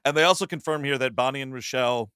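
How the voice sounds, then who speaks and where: Male podcast host, bright tone, dry close sound, profane and joking. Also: medium pitch, fast, clear, resonant tone, no echo. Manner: profane, jokey, recaps the plot. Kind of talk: casual chat.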